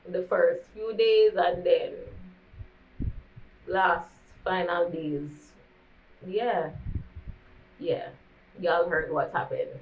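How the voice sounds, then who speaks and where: A woman's voice: fairly low pitch, a little hiss or hum. A young woman with a Jamaican accent telling a candid storytime vlog, slipping into patois as she talks. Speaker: vlogger. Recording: dull lo-fi recording.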